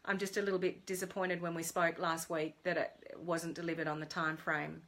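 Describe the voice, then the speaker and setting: A middle-aged woman giving a casual live video talk as a business mentor, telling a story in a chatty, animated way with lots of fillers. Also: on the low side, moderate pace.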